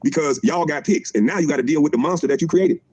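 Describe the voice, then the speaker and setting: A man's voice: a little high, fast talker, a little mellow, breathy edge, rough recording. A middle-aged man delivering a profane, mocking livestream rant, repeating his jabs and laughing at them. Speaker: former pro basketball player ranting on a stream.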